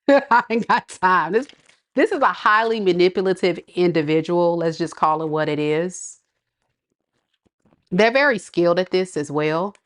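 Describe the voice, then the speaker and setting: A woman's voice: fairly low pitch, moderate pace. Chatty, slangy woman reading tarot. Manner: chatty and slangy, laughs often, talks straight to viewers. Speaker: tarot reader. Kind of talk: casual tarot reading vlog.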